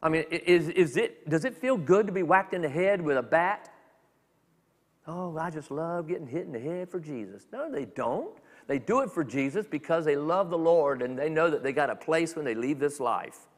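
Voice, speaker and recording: A man preaching a sermon as a minister, talking in a conversational, animated way with quick acted asides. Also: a little high, long reverb tail. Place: church sanctuary.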